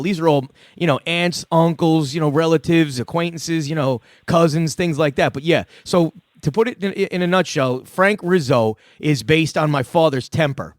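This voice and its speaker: A man's voice: on the high side, no echo. Profane middle-aged man hosting. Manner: profane, rambling, loose storytelling. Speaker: podcast host. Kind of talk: casual call-in chat.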